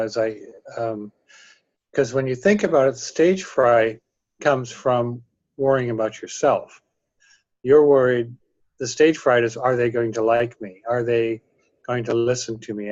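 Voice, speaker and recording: A man's voice: medium pitch, darkish tone, no room sound. Man, friendly webinar co-host, hunts for words, dry dull call audio. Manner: agreeable, groping for words. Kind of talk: casual webinar discussion. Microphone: video call.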